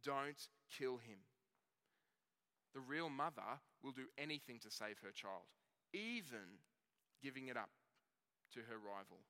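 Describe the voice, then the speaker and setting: Guy preaching, chatty storyteller, slows on the big words, smooth clear voice. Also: mid-range voice, big pitch swings, bright, forceful tone. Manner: conversational storytelling, slowing on key words. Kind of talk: sermon. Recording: long reverb of a hall.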